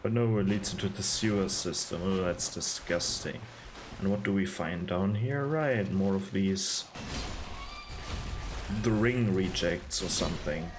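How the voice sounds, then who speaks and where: A man's voice: sits low, measured pace, noisy background. A man giving casual, sarcastic gameplay commentary, rambling and disgusted. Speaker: gaming video host.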